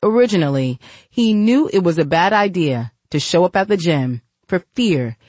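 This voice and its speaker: A woman narrating an audiobook in steady storytelling. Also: on the low side, normal speed, no echo. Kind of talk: scripted narration.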